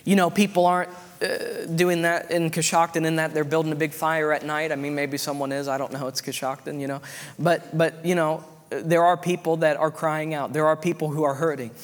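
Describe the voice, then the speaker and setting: Fervent preacher man, slightly high voice. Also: level tone, fairly quick. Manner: fervent, repetitive, punctuated with amens and hallelujahs. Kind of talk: sermon. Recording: long hall reverb.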